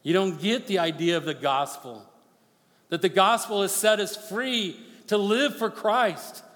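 A man preaching a sermon as pastor, swinging from forceful near-shouted appeals to hushed, quick storytelling. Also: high voice. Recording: long reverb of a large hall.

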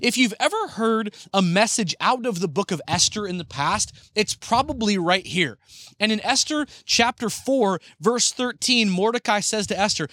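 A pastor preaches a sermon, retelling a story and acting out the characters' lines with lively energy. His voice sits high and he speaks at a normal speed in a dry recording.

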